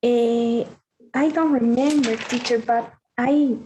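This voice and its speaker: A woman's voice: on the high side, steady tone, slow, background noise. A woman student on a video call, answering her teacher hesitantly and reading words out carefully. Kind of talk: classroom answers.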